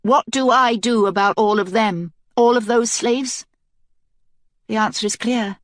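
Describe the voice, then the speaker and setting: In an audiobook, a woman voices a determined young queen, speaking earnestly and with command. She pitches the character slightly above her own voice, a little high and a little slow yet close to everyday speech, recorded in clean studio quality without echo.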